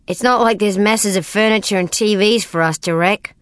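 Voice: medium pitch, moderate pace, fairly bright tone, clean tone, no echo, clean studio sound, close to an everyday voice. A woman reading an audiobook voices a brash street kid who talks in a slangy, raised voice. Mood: cocky.

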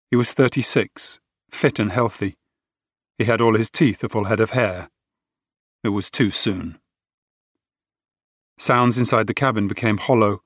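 A man narrating an audiobook in a measured, dramatic way. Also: fairly low pitch, dry recording, studio quality.

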